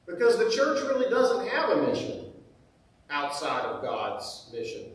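A man's voice: high voice, huge pitch swings, a little slow. A man preaching a sermon as pastor, in a conversational way that repeats key phrases for emphasis. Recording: very echoey church, mic far off.

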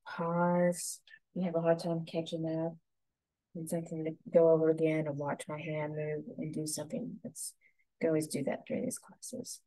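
A woman teaching a painting lesson, giving soft, unhurried step-by-step instructions. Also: sits low, completely flat delivery, no echo, rough recording.

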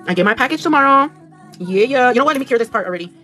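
This nail artist's voice is a little high and fairly bright, animated and racing as she chats casually on her livestream. Music plays in the background while she works, swears freely, switches into Spanish, and responds to viewers' comments.

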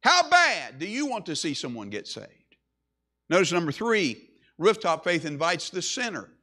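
Pastor, male, high bright voice, lilt, emphatic sermon delivery that swells and drops. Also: very animated, normal speed. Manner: emphatic preaching, rising and falling with repeated phrases.

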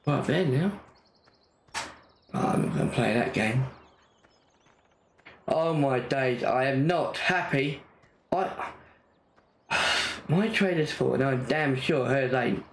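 A man's voice: medium pitch, slow pace, long pauses, reverberant, a little hiss or hum. A man with an English accent giving casual gameplay commentary, grumbling and exasperated as he talks. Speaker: gaming channel host.

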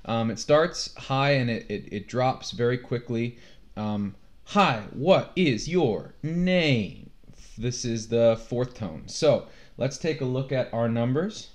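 A man teaching a Chinese lesson, slowly drilling numbers and tones with his students. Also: mid-range voice, a little mellow. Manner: very slow and deliberate, modelling tones. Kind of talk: classroom lesson, drilling pronunciation.

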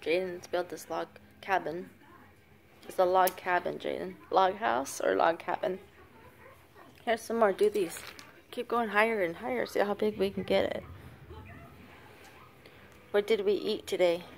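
An older woman, a grandmother babysitting, softly narrating a home video in an upstairs family room, often dropping to a whisper and coaxing the little ones. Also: medium pitch, a little slow, vocal fry, pauses often, a little hiss or hum. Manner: soft-spoken, often hushed to a whisper; coaxing, praising grandmotherly baby talk. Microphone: handheld phone camera.

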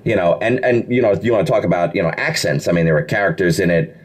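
A middle-aged man, a voice actor, telling stories in a casual interview with an animated, self-deprecating manner. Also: sits low, fast, slightly rough. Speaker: voice actor guest.

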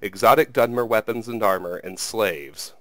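Brief: male gamer narrating a book from a game, measured, low, dry close mic. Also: a bit bright, dry recording. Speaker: let's play host. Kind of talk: reading a book aloud in a game.

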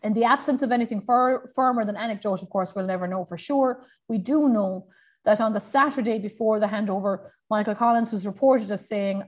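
A woman delivering a history lecture at a middle pitch, typical for her sex. She moves between reading quoted documents aloud and loose conversational asides. Her talk is full of fillers and quick self-corrections.

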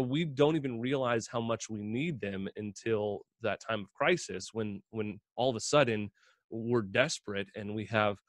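A man's voice: medium pitch, dry recording, studio quality. A man hosting a radio interview in a conversational way, with many fillers. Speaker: radio host.

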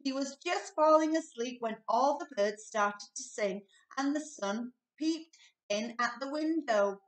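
A woman reading a children's picture book aloud with expressive delivery and playful sound effects. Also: sits high, measured pace. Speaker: storybook reader. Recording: echoey room, distant mic.

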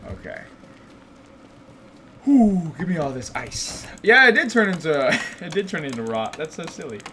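A man streaming gameplay, chatting casually with goofy, teasing banter and sudden excited outbursts. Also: a little high, moderate pace, a little hiss or hum. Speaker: game streamer.

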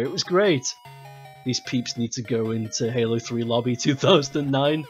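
A streamer in their thirties chatting casually over a game, blunt and quick to swear and laugh. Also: medium pitch, animated, dull audio, soft background music.

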